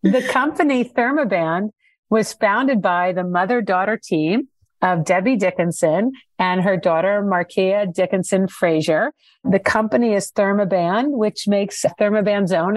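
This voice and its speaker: A woman's voice: medium pitch, no echo. Enthusiastic woman introducing guests. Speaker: podcast co-host.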